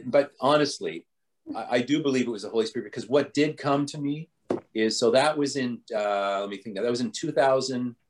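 A man's voice: medium pitch, a little fast, a little hiss or hum. A man, a bishop telling stories from his life in an interview, rambling with frequent restarts. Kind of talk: storytelling in an interview.

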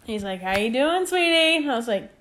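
A woman's voice: on the high side, lively intonation, fairly quick, noisy background. A woman in her twenties, a podcast co-host, chatting casually and telling stories full of "like" and acted quotes. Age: 20s. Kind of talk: casual chat.

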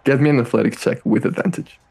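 Husky-voiced male game master. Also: medium pitch, fast. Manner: casual, laughing, animated narration. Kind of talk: narrating a tabletop game.

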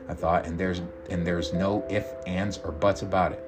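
A man's voice: low-pitched, flat delivery, normal speed. A man reading a first-person story aloud in a reflective, confessional way. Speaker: story reader. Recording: guitar music behind.

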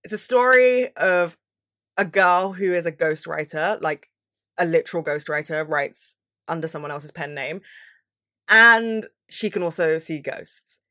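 Bright-voiced chatty young woman. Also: on the low side, lively intonation, unhurried, no echo, clean studio sound. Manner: chatty, sweary, gushing. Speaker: book vlogger. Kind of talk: casual chat.

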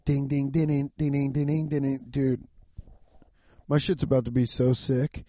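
A young man hosting a casual solo podcast, rambling loudly and profanely while lying down and yawning. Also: mid-range voice, level tone, moderate pace, no room sound. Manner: loud, rambling, profane, laughing at his own jokes. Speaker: podcast host.

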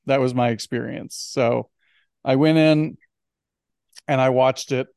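A man co-hosting a podcast, chatting casually about films in an animated way and often restarting his words. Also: medium pitch, unhurried, gravelly, clean tone, no echo, clean studio sound. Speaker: podcast co-host. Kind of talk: casual film discussion.

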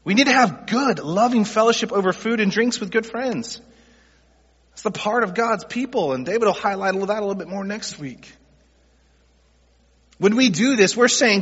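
A man's voice: high voice, expressive, moderate pace, long pauses, a bit bright, slightly rough. A middle-aged male pastor preaching an earnest, conversational sermon that speaks directly to groups in the congregation. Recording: dull sound with long hall reverb.

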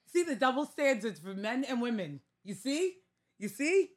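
Woman, Staten Island accent, podcast co-host; animated, exclamatory, wide-ranging pitch. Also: moderate pace, a little hiss or hum. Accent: Staten Island New York. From Staten Island, New York. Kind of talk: casual chat.

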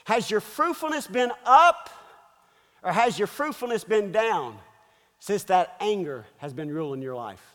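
A man's voice: high-pitched, expressive, unhurried, fairly bright tone, long reverb tail. A man preaching a sermon as pastor, firing off emphatic rhetorical questions. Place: church.

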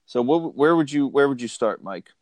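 A man's voice: medium pitch, lively intonation, moderate pace, no room sound. A man co-hosting a casual movie podcast who laughs often and acts out quotes. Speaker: podcast co-host. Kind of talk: casual chat about a movie.

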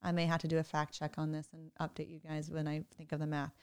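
A woman in her thirties, a mother chatting casually on a podcast, animated and often laughing. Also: low-pitched, quick pace, clean tone. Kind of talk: casual chat.

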